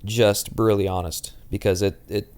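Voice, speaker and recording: A man co-hosting a podcast, speaking in a halting, intense way with frequent restarts. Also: on the low side, steady tone, a little mellow, clear, resonant tone. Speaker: podcast co-host. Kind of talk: casual podcast discussion.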